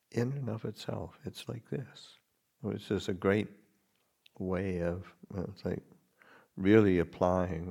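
Husky, gravelly-voiced monk giving a dharma talk. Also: male voice, lowish voice. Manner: halting, gentle, with many restarts. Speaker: Buddhist monk teacher.

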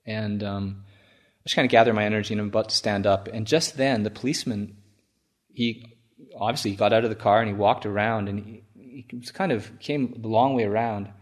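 Low-voiced chuckling monk telling a story. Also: male voice, fairly even intonation. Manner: chuckling, halting with many restarts. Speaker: Buddhist monk. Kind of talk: storytelling talk.

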